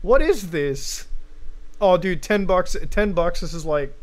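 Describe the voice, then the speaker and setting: A young man with a high, light voice rants through casual stream commentary, swearing freely. He talks over clips in loose bursts and jumps into loud shouts and laughs. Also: expressive, a little slow. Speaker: streamer reacting to videos.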